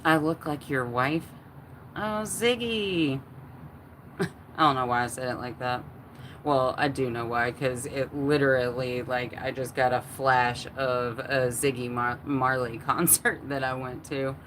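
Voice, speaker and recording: A woman's voice: rumbling low, fairly even intonation, a little slow, fairly bright tone, slight background noise. A woman in her forties hosting a casual livestream at home, chatting and answering her chat in a rambling way, full of fillers and restarts. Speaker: livestream host.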